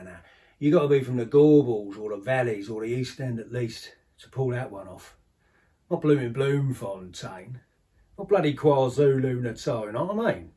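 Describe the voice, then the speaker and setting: A bitter old ex-henchman natters on in an audio-drama monologue, as a man plays him. His talk is rambling and confiding, full of sardonic asides. The voice is mid-pitched and sits back from the microphone. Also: mellow, distant mic, lightly acted.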